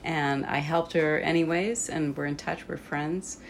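Low-voiced woman hosting a casual chat. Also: fairly even intonation, unhurried, a little hiss or hum. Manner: chatty, with frequent fillers. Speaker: host and English tutor.

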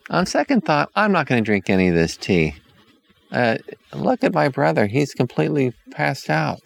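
A man's voice: mid-range voice, sing-song, normal speed, creaky, voice pushed up, full character voice. A man doing a breezy, clever little girl. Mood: matter-of-fact. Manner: breezy, matter-of-fact. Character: bold, clever young girl, unflappable.

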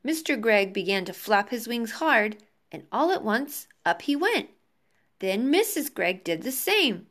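A woman teacher reading a children's book aloud to her class over a video call, slow and expressive. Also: on the high side. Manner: slow, expressive, warm sign-off to pupils.

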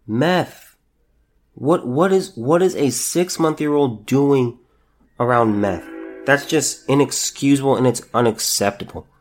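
A young man records a solo commentary podcast in a mid-range voice. He talks haltingly, restarting and repeating words, and he sounds indignant and close to tears. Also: mid-range voice, faint music behind. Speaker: podcast host.

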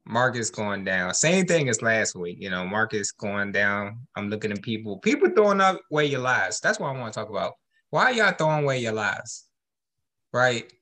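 A man's voice: lowish voice, very animated, normal speed, bright, forceful tone. A man co-hosting a podcast, teasing his partner and lecturing listeners in a casual chat, speaking. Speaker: podcast co-host.

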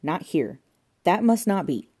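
A woman's voice: fairly low pitch, very animated, measured pace, warm tone, slightly rough, pitched above the performer's own voice, heavily acted. A woman voicing a fussy, anxious middle-aged male restorer who talks in a prim, insistent way. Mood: agitated. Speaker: figure in a comic novel.

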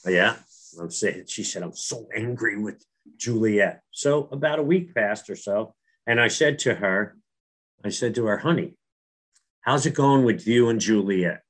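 A man's voice: on the low side, unhurried. A middle-aged man from New Jersey telling a personal faith story in casual, earnest talk, with frequent restarts. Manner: earnest, repeats words and restarts.

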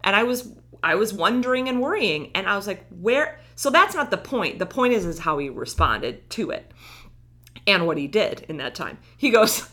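A woman with a bright, clear-toned voice chatting casually. She tells a personal story in a lively way and acts out what each person said. Her voice sits in a middle register. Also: medium pitch, moderate pace. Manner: animated storytelling, acting out quoted lines. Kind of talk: casual chat.

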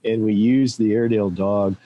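A man's voice: lowish voice, steady tone, brisk, phone-quality sound. An older man, a guest in an interview, telling rambling anecdotes and laughing at himself as he goes. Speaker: interview guest, former executive. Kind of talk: casual interview storytelling. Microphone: own microphone, remote.

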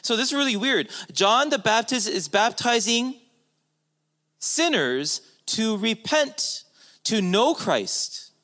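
A man's voice: sits high, very animated, slow, bright, forceful tone. A man preaching a sermon as a pastor, emphatic, with his voice rising and falling for stress.

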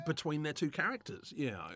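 A man with a slightly high voice talks through a film commentary in casual chat. He is animated and joking, and his pitch jumps around a lot as he laughs and acts out quick mock quotes. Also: no echo, soft background music.

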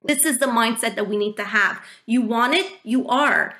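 A woman interviewer asking questions casually, with quick encouraging affirmations. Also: a little high, pushed and bright.

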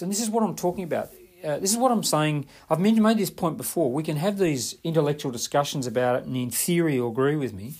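A man's voice: fairly high pitch, darkish tone. Chatty man telling a coaching story. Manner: conversational, rhetorical, often checking with "right?". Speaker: podcast host and money coach. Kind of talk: podcast monologue telling a client story.

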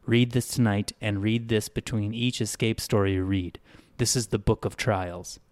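A man voicing a calm young man who gives earnest, steady advice. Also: lowish voice, normal speed, no echo, natural voice.

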